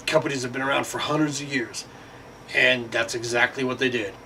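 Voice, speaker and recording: A man's voice: medium pitch, a bit bright. A man delivering a rambling, profane monologue full of fillers. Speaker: vlogger. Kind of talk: casual monologue. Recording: distant mic with faint background noise.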